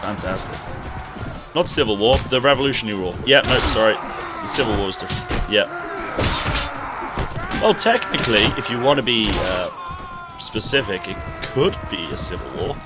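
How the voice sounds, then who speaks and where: Man, game streamer, low voice, sore throat, music bed. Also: expressive, normal speed, pauses often. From England. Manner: chatty, rambling, talks to chat while playing. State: sore throat, losing his voice. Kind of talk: casual live-stream gaming commentary. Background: background music.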